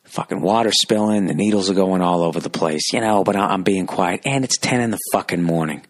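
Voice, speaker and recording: A man hosting a podcast, telling a rambling, profane comic story and jumping into loud high voices for the people he quotes. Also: fairly quick. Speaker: podcast host. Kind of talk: solo comedic rant.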